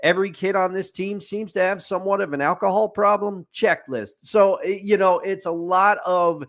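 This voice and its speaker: A man's voice: high voice, steady tone, moderate pace, a bit bright. A man co-hosting a casual sports podcast, opinionated and picking things apart point by point. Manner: opinionated, building lists with a repeated refrain. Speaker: podcast co-host.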